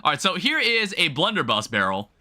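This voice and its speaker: Bright, lively-voiced man streaming a game. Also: fairly high pitch, a little fast. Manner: rambling, self-correcting, chatting with viewers; casual, swears lightly. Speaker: livestreamer. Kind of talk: casual gameplay commentary.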